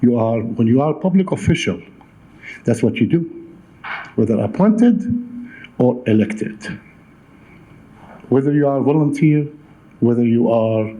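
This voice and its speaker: Slow, emphatic man making a speech. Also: medium pitch, dark tone, rough recording. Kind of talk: public comment at a council meeting. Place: council chamber. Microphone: podium microphone.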